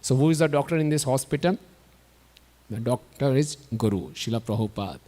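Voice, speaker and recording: A man giving a devotional sermon in a temple, telling stories with animated acted-out voices and laughs. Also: mid-range voice, a little fast. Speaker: guest speaker at a temple. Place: temple hall. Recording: long hall reverb.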